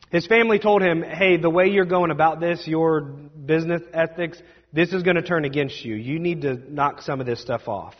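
A man tells a sermon story, his somewhat high voice rising loud and then sinking to near whispers. The sound is muffled and rings with a long hall echo. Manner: dramatic, shifts between loud and hushed. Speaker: preacher.

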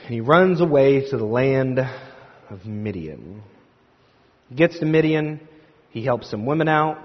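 A man's voice: medium pitch, lively intonation, measured pace. A man preaching a sermon, retelling a scripture story and quoting the figures with rising energy. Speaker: pastor. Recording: echoey hall, dull lo-fi sound.

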